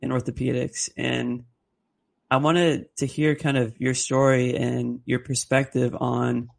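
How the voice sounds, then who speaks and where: A man co-hosting an interview, asking a guest questions in a measured way with many "you know"s. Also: mid-range voice, little pitch movement, creaky. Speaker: co-host.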